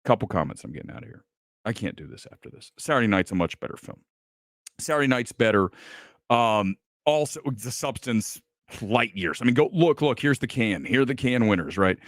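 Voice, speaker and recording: A man's voice: medium pitch, very animated, a little fast, no echo, clean studio sound. A man hosting a live movie talk show, ranting angrily and sarcastically with lots of swearing. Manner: angry, profane, sarcastic ranting; mocking put-on accent in quotes. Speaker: host. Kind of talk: heated movie rant, live stream.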